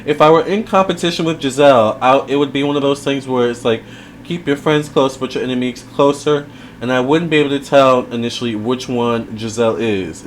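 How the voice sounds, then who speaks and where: A man's voice: mid-range voice, a little hiss or hum. Chatty man rambling through a review. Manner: chatty, rambling, full of fillers and asides. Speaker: video reviewer. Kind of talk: casual commentary.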